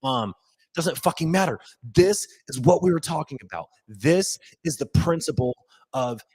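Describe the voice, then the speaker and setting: A man's voice: a little high, expressive, normal speed, darkish tone, slightly rough, no echo, rough recording. Hyped, profane man ranting on a podcast. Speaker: podcast host. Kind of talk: excited live podcast rant. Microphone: headphones off, desk mic.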